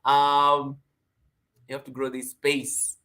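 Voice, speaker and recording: A man hosting a casual live stream from home, greeting viewers by name with lively energy. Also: mid-range voice, slow. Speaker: livestream host.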